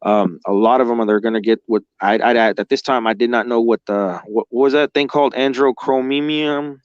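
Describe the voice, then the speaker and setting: A man's voice: medium pitch, steady tone, a little fast, clean tone, dry recording, highs cut off. A man telling his own story as a guest, rambling and emotional, swearing heavily and filling gaps with "like". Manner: heavy swearing, rambling, emotional, with lots of fillers like "like". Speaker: guest recounting experiences. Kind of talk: casual spoken storytelling.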